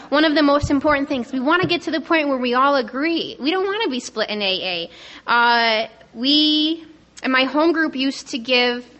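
A young woman speaking on a conference panel, sharing her story quickly, a little nervous and excited. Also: fairly high pitch. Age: young adult. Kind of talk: personal share talk.

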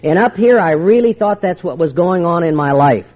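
A wry, confiding older man shares his story with a meeting, slipping into the voices of old arguments as he goes. His voice sits a little high for a man. The recording is dull and lo-fi, as if from an old tape. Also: expressive, normal speed. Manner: wry, confiding storyteller who acts out quoted exchanges. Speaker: speaker sharing his recovery story. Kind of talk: storytelling talk to a recovery meeting.

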